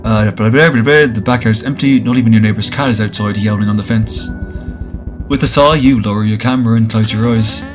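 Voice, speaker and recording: A man's voice: fairly low pitch, fairly even intonation, quick pace, music in the background. A man playing a visual novel, reading its text aloud with jokey, casual asides. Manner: casual, jokey asides between read lines. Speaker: game streamer.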